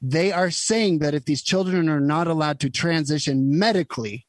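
A man's voice: fairly high pitch, normal speed, dry recording. A man hosting a podcast, delivering an impassioned, emphatic and emotional political monologue. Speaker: podcast host. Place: Utah.

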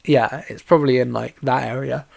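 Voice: medium pitch, fairly even intonation, moderate pace, creaky, no echo. A podcast host chatting casually alone about a film, rambling with constant fillers and restarts, and tired and yawning.

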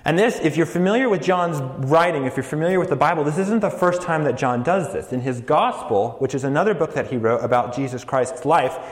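Man, preacher, sermon, fairly high voice, casual and joking, echoey hall. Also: a little fast, hardly any pauses.

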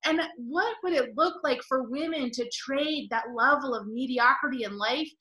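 A woman's voice: sits high, normal speed, pushed and bright, reverberant. A woman hosting a podcast interview over a video call, gushing and emotional, rambling with many restarts. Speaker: podcast host.

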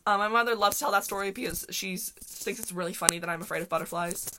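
A young adult woman hosting a casual solo podcast, telling stories in a rambling, animated way and laughing often. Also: mid-range voice, quick pace, noisy background. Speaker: podcast host.

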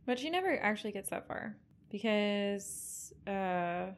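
A woman's voice: medium pitch, animated, unhurried. A woman co-hosting a casual film recap, chatty and sardonic, swearing freely. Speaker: podcast co-host.

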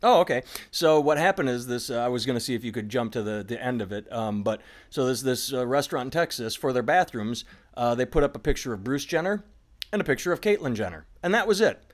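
Rambling, animated male podcast host. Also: medium pitch, fast talker. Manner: rambling, animated storytelling with sudden voiced impressions. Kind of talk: casual comedy podcast chat.

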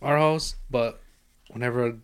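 A man's voice: medium pitch, fairly even intonation, a little slow, a little hiss or hum. Rambling, swearing man in casual chat. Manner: rambling, profane, full of fillers. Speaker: podcast co-host.

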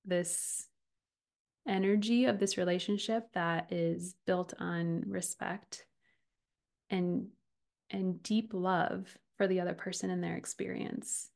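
A woman in her thirties hosting a podcast, talking earnestly and from the heart about relationships, often with a soft laugh. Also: fairly low pitch, fairly even intonation, takes it slowly, vocal fry. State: getting emotional. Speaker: podcast host and relationship coach. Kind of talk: personal podcast monologue.

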